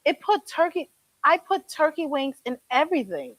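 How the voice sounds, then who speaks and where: Lively high-voiced woman chatting live. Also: moderate pace, no room sound. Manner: animated storyteller, laughs often, chews while talking. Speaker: co-host. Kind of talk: casual live-stream chat. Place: home couch.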